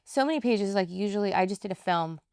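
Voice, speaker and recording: A woman actress talking animatedly in a casual interview, quick to laugh. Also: medium pitch, clear, resonant tone, no echo, clean studio sound. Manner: animated, chatty, laughs easily.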